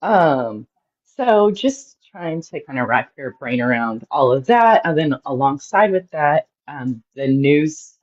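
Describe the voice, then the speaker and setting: A woman's voice: sits low, animated, takes it slowly, a little mellow. A woman calling in to a political talk show who speaks earnestly and thoughtfully, searching for her words. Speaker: caller. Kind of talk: call-in discussion. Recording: dull lo-fi call line.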